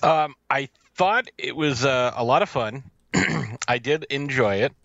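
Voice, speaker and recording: A man's voice: medium pitch, expressive, gravelly, fairly bright tone, no room sound, lo-fi sound. A man co-hosting a film podcast, talking casually and sarcastically with many fillers and restarts. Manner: rambling, sarcastic, lots of fillers and quick put-on voices. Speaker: podcast co-host. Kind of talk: casual chat.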